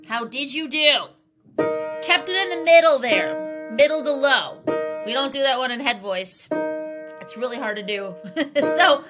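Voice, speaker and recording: A woman singing teacher giving an upbeat, encouraging vocal lesson with sung warm-up exercises over piano. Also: high-pitched, measured pace, pauses often. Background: piano accompaniment.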